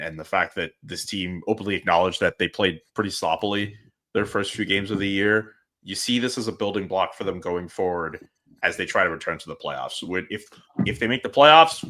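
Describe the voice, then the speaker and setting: Chatty, animated man with a bright voice. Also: deep voice. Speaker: podcast guest, sports journalist. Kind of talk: casual sports podcast chat.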